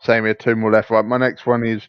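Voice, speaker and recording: A man's voice: lowish voice, flat delivery, brisk, clean tone, dull audio. A man co-hosting a football podcast, hesitant and giggly as he tells his jokes. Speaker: podcast co-host. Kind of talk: casual banter.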